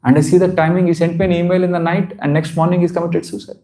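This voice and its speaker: A man's voice: high-pitched, flat delivery, fast, mellow. A man giving a devotional seminar talk, earnest and repetitive for emphasis, often breaking into laughter. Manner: repeats phrases for emphasis. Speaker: spiritual teacher.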